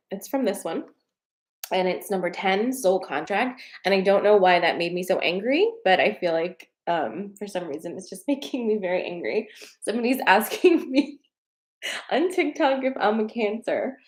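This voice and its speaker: A woman's voice: mid-range voice, expressive, moderate pace. Tearful, chatty young woman streaming live. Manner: emotional, chatty, swears, laughs through tears. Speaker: tarot reader and coach hosting a live stream. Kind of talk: casual live-stream chat with viewers.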